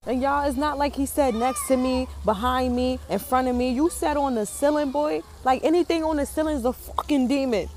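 A mother telling a story in a casual, animated way, full of swearing and drama. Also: high voice, fairly quick, few pauses.

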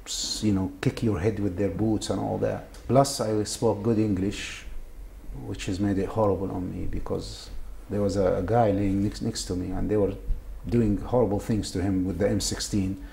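A man's voice: on the low side, steady tone, gravelly, dark tone. A man speaking in an interview, who halts and repeats words as he recounts what he went through; his first language is Arabic. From Saudi Arabia. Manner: halting, repeats words often. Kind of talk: emotional interview testimony. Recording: faint background noise.

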